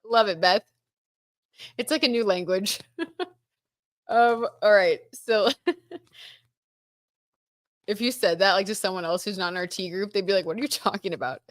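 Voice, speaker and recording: A woman's voice: mid-range voice, moderate pace, pauses often, no room sound, clean studio sound. A woman hosting a tarot gossip livestream, chatting casually and reading out viewer comments, with lots of fillers like "like" and "um". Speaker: tarot reader and livestream host.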